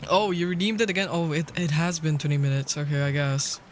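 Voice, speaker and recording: A man's voice: fairly high pitch, fairly even intonation, a little fast, a little hiss or hum. A man chatting casually and playfully with his viewers while streaming a game, swearing lightly and laughing often. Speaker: livestreamer. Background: faint background music.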